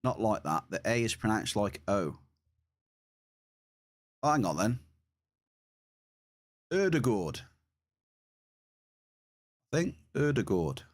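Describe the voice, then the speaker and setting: A man's voice: lowish voice, sing-song, unhurried, long pauses. A man live-streaming a game, chatting casually and laughing at his own attempts to pronounce words. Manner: laid-back, chatty, laughs at own pronunciation.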